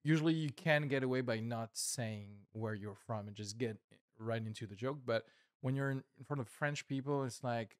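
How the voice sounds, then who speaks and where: A man, a comedian, reflecting in a casual podcast chat, measured and filling pauses with "like" and "uh". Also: mid-range voice, no room sound, clean studio sound. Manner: reflective, measured, with many fillers.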